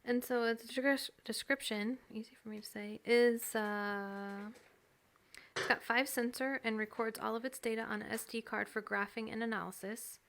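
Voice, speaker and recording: Female co-host for a casual chat podcast, higher-pitched, eager and explanatory. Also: steady tone, normal speed, gravelly, fairly bright tone. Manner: enthusiastic, explaining.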